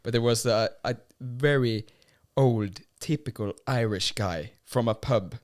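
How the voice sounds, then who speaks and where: Laughing man co-hosting a podcast chat, mid pitch, lots of fillers. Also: unhurried. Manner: chatty, laughs often, many fillers. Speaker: podcast co-host. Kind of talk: casual chat.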